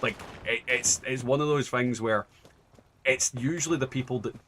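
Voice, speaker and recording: Brief: young man gaming streamer, bright forceful voice, profane rambling rant, light background noise. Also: mid-range voice, normal speed. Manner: ranting, profane, many restarts. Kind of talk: casual chat while gaming.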